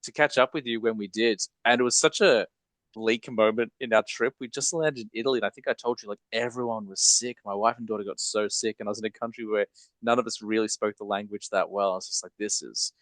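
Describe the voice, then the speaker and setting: This is a man with a fairly low voice hosting a podcast. He speaks into a close microphone with little room sound. His delivery is upbeat and chatty, full of ums and uhs. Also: steady tone, fast talker, fairly bright tone, dry recording, low-quality recording. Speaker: podcast host. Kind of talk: casual podcast chat.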